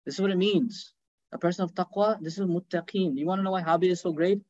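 A man preaching a sermon, telling stories fast with acted quotes and rhetorical questions. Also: high-pitched, steady tone, a little mellow, dull audio. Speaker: Islamic preacher.

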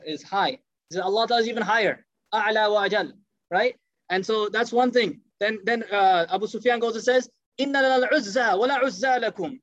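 Fast-talking high-voiced man preaching. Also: dry recording. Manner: animated, acts out quoted speech, mixes Arabic phrases. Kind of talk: storytelling sermon. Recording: dull, dry lo-fi sound.

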